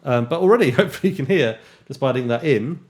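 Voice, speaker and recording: A man teaching jazz guitar in a relaxed way, counting beats aloud and scatting rhythms. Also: mid-range voice, quick pace. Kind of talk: casual instructional talk with counting and scatting. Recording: guitar playing underneath speech. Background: loud guitar music.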